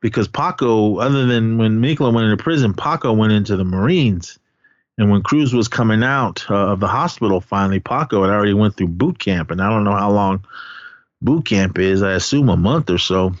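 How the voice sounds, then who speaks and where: Low-voiced man recapping a movie casually. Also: fairly quick, no echo, muffled recording. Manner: rambling, laughing, acts out quotes. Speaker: podcast co-host.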